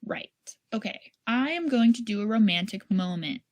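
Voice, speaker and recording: A woman's voice: medium pitch, expressive, moderate pace, darkish tone. A woman playing as a guest in a casual board game, giving short, dry reactions and brief answers. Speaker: guest player.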